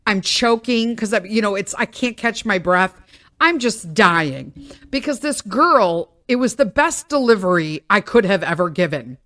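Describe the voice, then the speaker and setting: A middle-aged woman hosting a podcast, telling a story in a rambling, animated way full of tangents. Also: mid-range voice, measured pace, no echo, studio quality. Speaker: podcast host. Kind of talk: casual storytelling monologue.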